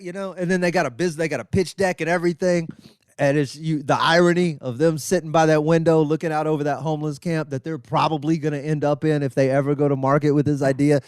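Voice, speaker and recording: This fast-talking middle-aged comedian host spins a crude story at his own expense, animatedly jumping in pitch to play the people he quotes. His tone is clean and the studio recording has no echo.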